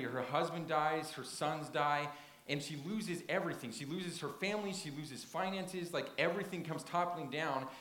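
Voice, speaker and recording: A man's voice: fairly high pitch, a bit bright. A man preaching a sermon in a church, retelling a story with earnest emphasis and frequent restarts. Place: church sanctuary. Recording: roomy echo.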